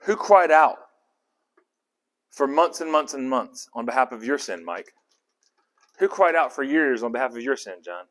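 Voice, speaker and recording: A male Bible study teacher with a mid-range voice. He talks in a casual, animated, conversational way. He keeps putting questions to a small group. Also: medium pitch, moderate pace, long pauses.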